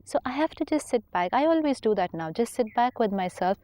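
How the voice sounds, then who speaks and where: A woman, a spiritual teacher calmly explaining ideas on a counselling talk show. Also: on the high side, brisk, no room sound. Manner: calm, explanatory, acts out inner dialogue.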